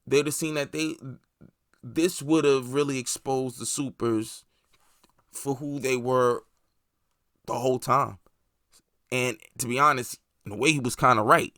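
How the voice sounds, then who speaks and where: A man's voice: mid-range voice, bright, forceful tone, no echo, clean studio sound. Laid-back man recapping a show. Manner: loose, profane, rambling recap full of "like" fillers. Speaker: host of a movie review channel. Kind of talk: casual spoken series review.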